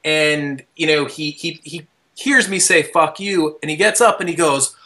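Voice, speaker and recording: Bright-voiced young man telling a wild story. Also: on the high side, a little slow. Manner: animated, loose storyteller with many fillers and restarts; swears casually and shouts quoted lines. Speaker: podcast host. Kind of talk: casual storytelling chat.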